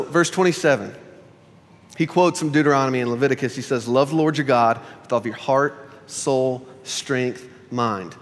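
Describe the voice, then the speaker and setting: A pastor giving a sermon in an earnest, conversational way, often repeating phrases for emphasis. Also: male voice, mid-range voice, in a large hall.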